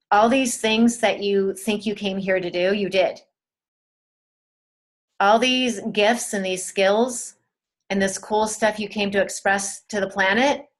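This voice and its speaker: Speaking at a medium pitch, a woman leads a spiritual webinar gently and soothingly. She addresses her listeners directly and keeps repeating key words.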